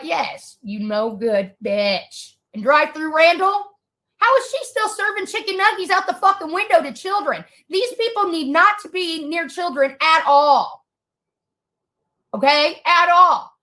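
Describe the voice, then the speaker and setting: A woman tears into someone in a heated, expletive-filled rant. Her voice sits high and rings bright and sharp. She sounds fed up and furious throughout. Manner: furious, profane ranting. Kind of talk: angry rant.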